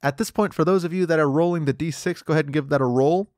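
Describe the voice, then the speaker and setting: A young man hosting a comedy podcast, rambling through absurd narration and a mock interview in a deadpan way. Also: fairly high pitch, fast talker, no room sound, clean studio sound.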